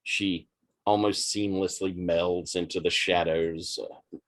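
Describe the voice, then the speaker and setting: A man narrates a tabletop role-playing session in a relaxed, conversational way. His voice sits somewhat low, and he sets each scene before turning it over to the players. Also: slow. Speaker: game master.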